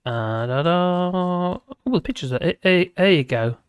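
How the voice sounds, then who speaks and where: A man's voice: sits high, lively intonation, a little slow, smooth, dry recording, clean studio sound. A man hosting a live stream, chatting casually with viewers and rambling between topics while laughing often.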